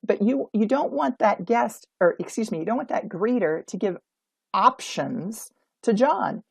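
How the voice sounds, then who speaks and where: A woman's voice: medium pitch, expressive, unhurried, vocal fry, breathy edge, no room sound. A woman, an auction consultant, giving emphatic coaching tips in an instructional video. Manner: emphatic, coaching tone, acts out example dialogue.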